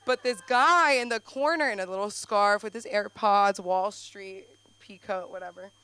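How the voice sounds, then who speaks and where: A woman's voice: medium pitch, normal speed, bright, forceful tone, clear, resonant tone, no echo. A woman doing open-mic stand-up comedy on a club stage, talking into a handheld mic and rambling through her stories with lots of "like" fillers. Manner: rambling, breathless storytelling full of "like" fillers. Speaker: stand-up comic. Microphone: handheld stage microphone.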